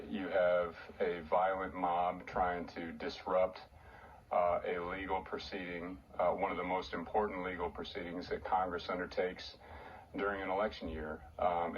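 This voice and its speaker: Very deep flat-voiced man, solemn. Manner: solemn, halting with fillers. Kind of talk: news interview soundbite. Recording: distant, dull TV audio.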